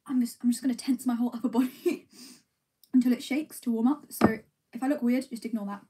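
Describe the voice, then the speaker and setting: Rambling, giggly young woman with a mellow voice. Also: a little high, steady tone, brisk. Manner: rambling, giggly, self-deprecating. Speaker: streamer. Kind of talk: casual livestream chat, answering comments.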